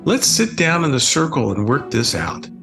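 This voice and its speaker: A man reading a calm, patient dad. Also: medium pitch, moderate pace, creaky, over music. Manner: calm, gentle instructing.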